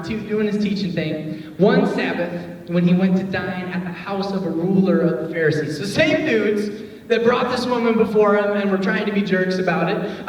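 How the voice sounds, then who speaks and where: A youth pastor from Detroit giving a casual, joking sermon, chatty and full of filler words. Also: male voice, sits high. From Detroit, USA. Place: church hall. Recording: echoey hall, voice from far off, faint noise.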